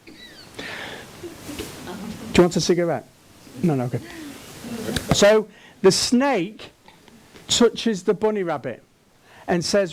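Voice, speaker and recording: A man with an English accent gives a keynote at a conference, speaking at a slow, unhurried pace. His voice sits high for a man. He jokes with the audience and keeps putting questions to the room. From England. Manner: jokey, asks the room questions. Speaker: keynote speaker and sales trainer.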